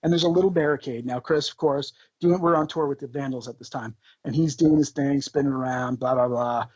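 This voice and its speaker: A man, a podcast guest, telling tour stories in an animated, swearing, laughing way. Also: mid-range voice, brisk, no echo, lo-fi sound. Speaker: podcast guest, band member. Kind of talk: casual storytelling.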